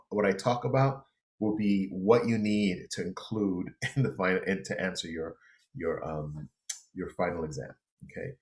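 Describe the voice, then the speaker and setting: A middle-aged man, a college English instructor, lecturing an online class from his apartment in a loose, relaxed way with many fillers, his throat a little dry. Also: sits low.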